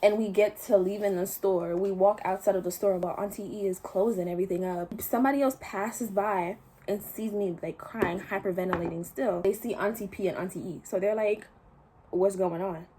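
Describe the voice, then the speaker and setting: A woman's voice: medium pitch, fairly even intonation, fairly quick, few pauses, warm tone, a little hiss or hum. A young woman vlogging a casual storytime, retelling events with slang and quoted voices.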